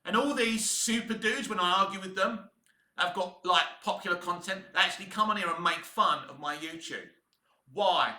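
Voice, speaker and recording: Cockney bloke ranting on his channel, high sharp voice, echoey room, swears a lot. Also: moderate pace. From England. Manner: blunt, heated, swears freely. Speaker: YouTube film commentator. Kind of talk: opinionated commentary rant.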